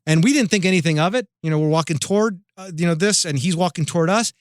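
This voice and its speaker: Male podcast guest, casual animated storyteller, fairly high voice, dry close mic. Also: fast, no echo. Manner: animated storyteller with many restarts. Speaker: guest radio host.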